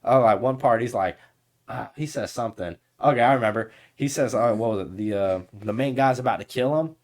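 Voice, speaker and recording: A man's voice: mid-range voice, brisk, a little mellow. A man co-hosting a podcast, chatting crudely and retelling movie scenes. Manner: profane, acts out movie lines in put-on voices. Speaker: podcast co-host. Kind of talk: crude casual chat.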